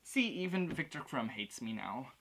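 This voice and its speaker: A man's voice: medium pitch, big pitch swings, normal speed, heavy background noise. A man hosting a casual unboxing vlog, chatty, laughing often and poking fun at himself. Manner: giggly, self-deprecating, chatty. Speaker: host.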